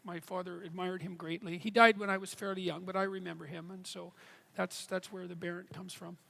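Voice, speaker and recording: A man from Canada answering audience questions on stage, halting and restarting phrases, with dry humor. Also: high-pitched, level tone, creaky, sharp tone. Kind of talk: live Q&A on stage. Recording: live hall with long reverb.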